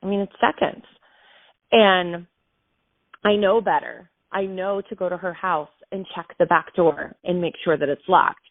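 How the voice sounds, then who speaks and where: A woman in her thirties, host of her show, telling a personal story in a casual, emotional and animated way. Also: fairly low pitch, a little slow, no room sound. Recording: dry tinny phone-like sound.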